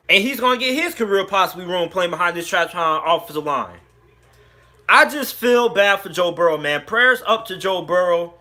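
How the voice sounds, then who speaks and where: Heated man, sports vlogger, high sharp voice, furious repetitive rant. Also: expressive, normal speed, faint music behind. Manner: angry, heated, repetitive ranting. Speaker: sports YouTuber. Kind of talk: ranting sports commentary.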